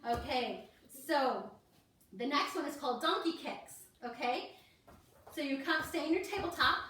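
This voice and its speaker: A woman's voice: high voice, pushed and bright, recorded from a distance. A woman teaching a kids yoga class, encouraging and talking the children through each pose step by step. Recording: echoey room, voice from off the mic.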